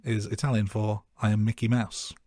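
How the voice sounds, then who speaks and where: A podcast co-host with a fairly low male voice walks through a film's scenes in relaxed, self-deprecating film-review chat at normal speed. The recording is dry and close, with no room sound.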